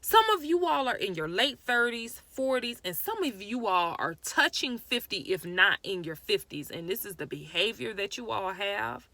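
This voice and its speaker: A woman's voice: medium pitch, sing-song, normal speed, few pauses, pushed and bright, dry recording. Young woman scolding people in a rant. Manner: exasperated, scolding, addresses people directly. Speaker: vlogger. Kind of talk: ranting commentary to camera.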